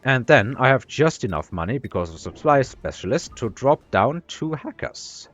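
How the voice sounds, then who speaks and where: A man's voice: mid-range voice, very animated, normal speed, a bit bright, dull audio, soft background music. Self-deprecating man commentating a strategy game. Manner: rambling, self-deprecating, many fillers and restarts. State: talking with his mouth full. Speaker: gaming commentator. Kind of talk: casual gameplay commentary.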